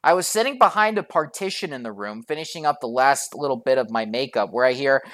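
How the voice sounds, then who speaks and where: A woman tells a personal story to her viewers with exasperated sarcasm and frequent swearing. Her pitch swings widely between phrases, which gives the telling a lively, animated feel. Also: quick pace. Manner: profane and sarcastic. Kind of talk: storytime vlog narration.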